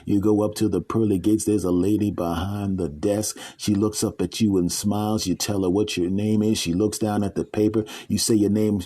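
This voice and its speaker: A middle-aged man with a low, dark, husky voice tells a comic story. He is animated and slips into character voices as he goes, in a relaxed, unhurried monologue. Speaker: comedic storyteller. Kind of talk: comedic monologue.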